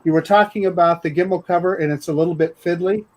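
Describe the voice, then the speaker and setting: A man chatting casually on a live stream, quick and curious about expressions. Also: high-pitched, fairly even intonation, a little mellow. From United States.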